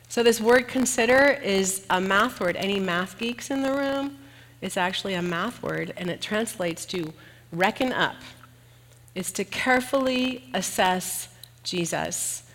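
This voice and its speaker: A woman giving a sermon in an earnest way, turning lively and animated when she tells a personal story. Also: mid-range voice. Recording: long hall reverb.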